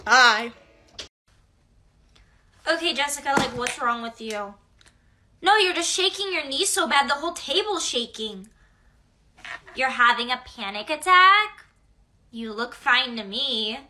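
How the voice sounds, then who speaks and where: A woman's voice: sits high, animated, measured pace, pauses often, sharp tone, a little hiss or hum, exaggerated voice. A young woman acting a bratty, condescending teenage mean girl in a comedy sketch, with a snide, fake-sweet manner.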